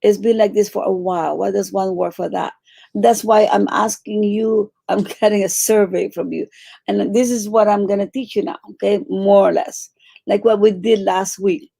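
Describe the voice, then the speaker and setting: A woman teaching a meditation class, coaching her students gently and repeating phrases for emphasis. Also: mid-range voice, fairly even intonation, normal speed, creaky, husky. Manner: warm coaching, repeats phrases, acts out quoted pleas.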